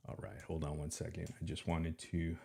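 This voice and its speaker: Breathless male stream host with a deep voice and a sarcastic, taunting delivery. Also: completely flat delivery, fairly quick, creaky, mellow, husky. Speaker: livestream commentary host. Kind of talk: casual mocking commentary.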